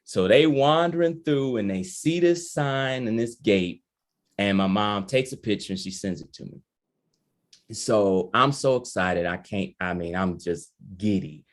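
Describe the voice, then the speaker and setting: Low-voiced man telling a lively story. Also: measured pace. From Michigan. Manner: animated, acts out quoted voices. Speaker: guest family historian. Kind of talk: storytelling in a podcast interview.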